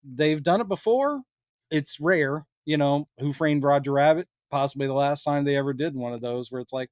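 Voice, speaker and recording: A man co-hosting a casual podcast chat, animated and jokey, slipping into silly voices when quoting people. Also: mid-range voice, brisk, no echo, clean studio sound. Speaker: podcast co-host.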